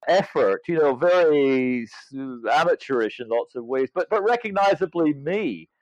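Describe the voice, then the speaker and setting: A man's voice: fairly high pitch, lively intonation, moderate pace, a little mellow, dry recording. Hesitant older man, dull dry recording. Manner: hesitant, thoughtful, many restarts. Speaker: author and legal scholar guest. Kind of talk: reflective interview conversation.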